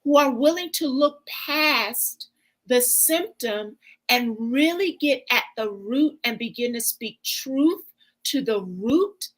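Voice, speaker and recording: A woman guest speaker and relational coach giving a measured, explanatory interview answer. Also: sits high, expressive, fairly bright tone, rough recording.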